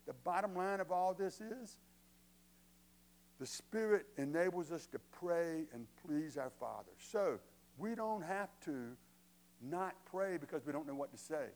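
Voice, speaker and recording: A man's voice: a little high, expressive, unhurried, a little mellow, low-quality recording. A man preaching a sermon as pastor, conversational and emphatic, asking the congregation rhetorical questions.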